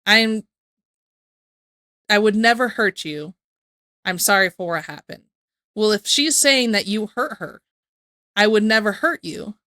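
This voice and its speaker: Bright-voiced woman ranting in commentary. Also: mid-range voice, measured pace, pauses often, no room sound, studio quality. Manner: rambling, exasperated, repeats herself. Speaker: reaction streamer. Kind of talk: casual commentary on a video.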